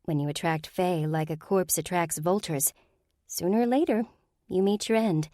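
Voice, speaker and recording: A woman voicing a prim, serene female witch who speaks in a calm, formal way. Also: lowish voice, moderate pace, dry recording, clean studio sound, lightly acted.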